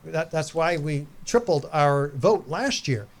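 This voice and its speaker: A man speaking as a guest in a casual podcast interview, explaining things in an earnest, measured way with fillers. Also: on the high side, lively intonation.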